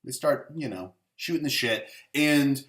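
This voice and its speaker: A man's voice: mid-range voice, expressive, measured pace, a bit bright. A man hosting a casual movie review show, rambling and sarcastic, with lots of "like" and swearing. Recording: roomy echo.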